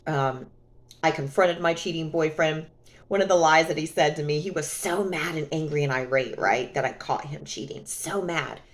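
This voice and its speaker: A woman's voice: low-pitched, normal speed. Sassy emphatic woman vlogger. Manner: sassy, emphatic, calls listener honey. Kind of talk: casual monologue to camera.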